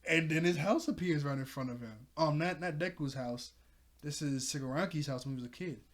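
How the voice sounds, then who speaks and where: A man's voice: on the high side, brisk. A man casually recapping and reviewing a comic chapter, rambling, correcting himself, with frequent ums and small laughs. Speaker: manga reaction host.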